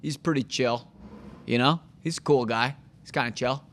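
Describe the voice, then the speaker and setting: A man's voice: medium pitch, moderate pace, fairly bright tone. A man hosting a real estate show, talking casually and rambling, acting out quotes of buyers and agents. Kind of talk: casual talk to camera.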